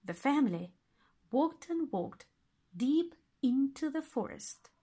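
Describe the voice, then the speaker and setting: A woman reading a fairy tale aloud as narrator, expressive and deliberate. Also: sits high. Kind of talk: storybook reading.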